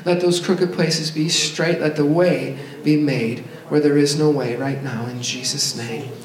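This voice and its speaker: Fervent pastor praying in an echoey church. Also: male voice, a little high, fairly even intonation, measured pace, slight background noise. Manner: fervent, declaring prayer. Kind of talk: sermon prayer. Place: church sanctuary.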